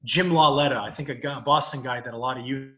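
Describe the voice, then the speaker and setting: A man's voice: medium pitch, steady tone, fast, sharp tone, roomy sound, dull audio. A man, a comedian and lawyer, chatting casually, rambling through stories with many filler phrases. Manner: rambling storytelling, many "you know"s. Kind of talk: casual chat.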